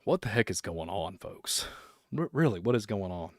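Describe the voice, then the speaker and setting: A man's voice: low-pitched, lively intonation, moderate pace, no room sound. Rambling Kentucky man, dry sound. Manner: rambling, speculative and joking. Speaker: podcast host. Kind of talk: casual livestream chat.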